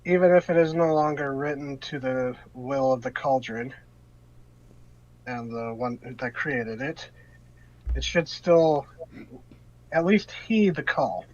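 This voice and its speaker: A man voicing a calm, grave male necromancer who speaks in a measured, quiet, low way. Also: close to an everyday voice. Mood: reassuring. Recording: dull lo-fi audio.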